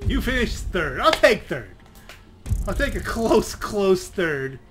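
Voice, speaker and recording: A man giving excitable live commentary on a racing video game, exclaiming as he drives. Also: sits high, takes it slowly, poor audio. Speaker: gaming channel host. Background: loud game music.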